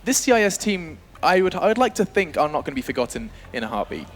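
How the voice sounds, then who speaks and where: A man's voice: a little high, big pitch swings, fast. A man hosting an esports analysis desk, energetically steering questions to his panelists. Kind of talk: fast studio analysis chat.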